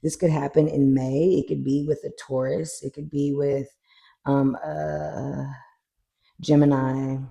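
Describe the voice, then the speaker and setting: Gravelly, mellow-voiced tarot reader. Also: medium pitch, slow. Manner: animated, swears freely, acts out little scenes. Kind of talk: casual tarot reading.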